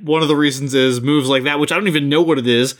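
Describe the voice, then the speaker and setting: A man co-hosting a podcast who talks quickly in casual chat and laughs often. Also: a little high, steady tone, fairly bright tone. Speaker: podcast co-host.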